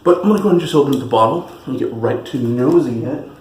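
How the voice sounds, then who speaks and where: A man's voice: mid-range voice, lively intonation, quick pace, a little mellow, slight background noise. A man from California giving an enthusiastic, chatty tasting review as the host of his channel. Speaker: spirits reviewer. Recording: echoey room with faint music.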